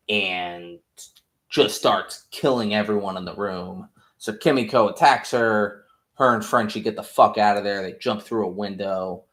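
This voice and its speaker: A man's voice: fairly low pitch, a bit bright. A man casually recapping a TV episode, rambling, jokey and profane. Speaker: podcast host. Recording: roomy echo.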